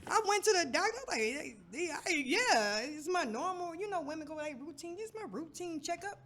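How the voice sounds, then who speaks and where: Loud brassy woman, aave, high voice that jumps all over, cussing while she chats. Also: brisk, few pauses, slight background noise. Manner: brash, profane, animated storytelling. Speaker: podcast co-host. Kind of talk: casual chat.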